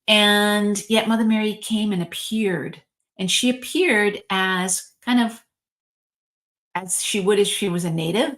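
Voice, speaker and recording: A woman's voice: medium pitch, a bit bright. A woman, a reverend, telling a religious story in an informal spiritual talk, chatty, with frequent ums and likes.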